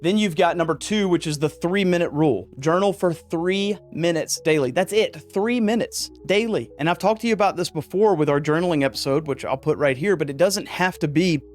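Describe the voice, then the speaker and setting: A man's voice: on the high side, a little fast, few pauses, faint music behind. A man hosting a podcast, talking casually and getting worked up, with jokey asides. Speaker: podcast host. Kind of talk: casual podcast monologue on men's mental health.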